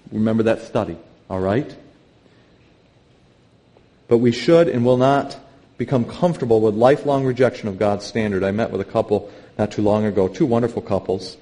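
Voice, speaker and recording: A middle-aged man, a pastor, preaching a sermon to his church, earnest and emphatic, climbing to loud, high exclamations. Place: church sanctuary.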